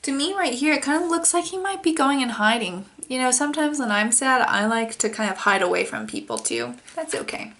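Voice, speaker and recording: Gentle teacher reading to toddlers. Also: female voice, sits high, very animated, fairly quick, hardly any pauses. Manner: gentle, explaining words with gasps of wonder. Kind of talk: reading a picture book aloud to young children.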